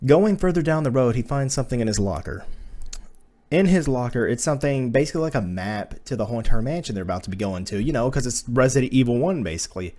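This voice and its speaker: Man, casual review, blunt, profane, exasperated, ordinary pitch. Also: lively intonation, quick pace, mellow. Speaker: movie reviewer.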